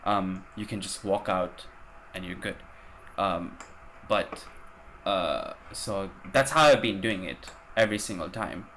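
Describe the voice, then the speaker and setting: A man's voice: sits low, measured pace, fairly bright tone, a little hiss or hum. A man hosting a podcast, telling a travel story in a rambling, casual way, swearing and using lots of fillers. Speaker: podcast host.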